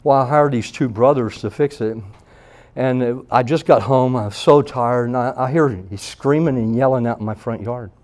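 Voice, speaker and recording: A man preaching at a church meeting, telling a story and acting out the voices of the people in it with loud bursts. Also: medium pitch, moderate pace. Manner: animated, acts out quoted voices loudly. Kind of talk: sermon with storytelling.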